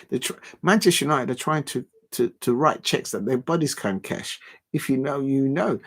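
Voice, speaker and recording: Chatting casually on his football livestream, a man with a medium-pitched voice rambles and halts, using many fillers and chuckling often.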